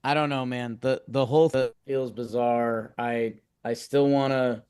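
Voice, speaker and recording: A man's voice: mid-range voice, steady tone, unhurried, darkish tone, clear, resonant tone, no echo, clean studio sound. A man co-hosting a casual sports podcast, frustrated and rambling, restarting his thoughts often. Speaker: podcast co-host.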